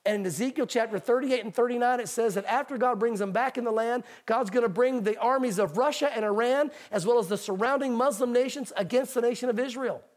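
A man preaching a sermon as pastor, reading scripture aloud slowly and with emphasis. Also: extremely high pitch.

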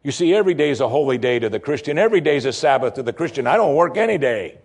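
A man preaching a sermon, lively and humorous, who drops his voice low and soft when quoting pleas. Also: rapid-fire, husky. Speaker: pastor.

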